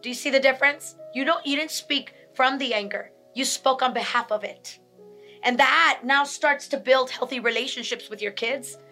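High bright-voiced woman teaching. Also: normal speed, faint music behind. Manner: repeats key points, acts out angry and sad examples. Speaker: speaker on emotional health. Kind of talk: teaching talk.

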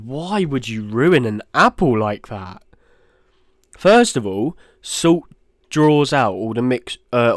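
A man's voice: mid-range voice, smooth, no room sound, studio quality. Blunt exasperated man. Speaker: host. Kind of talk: casual solo commentary.

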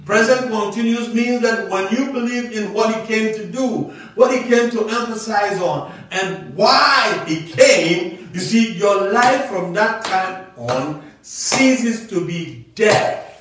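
Male preacher, raised pitch, calls and responses, recorded from afar in a reverberant church. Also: a bit bright. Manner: preaching with call-and-response, drawn-out emphasis. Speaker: pastor. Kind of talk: sermon. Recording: echoey hall, distant from mic.

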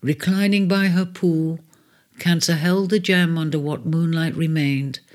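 A storyteller in a gentle, measured reading of a storybook. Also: mid-range voice, fairly even intonation. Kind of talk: storybook narration. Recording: faint music bed under the voice.

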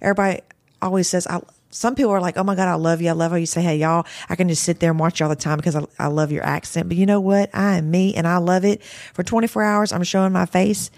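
This woman has a lowish, darkish voice, speaks quickly in a steady tone, and laughs often as a chatty podcast guest. She interrupts whenever a thought strikes her, and her casual conversation is captured dry and close on a studio mic.

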